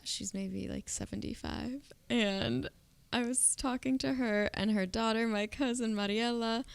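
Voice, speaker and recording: A woman co-hosts a casual podcast chat, her voice bright and forceful. She tells stories with animated energy and breaks into laughter often. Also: medium pitch, gravelly. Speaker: podcast co-host.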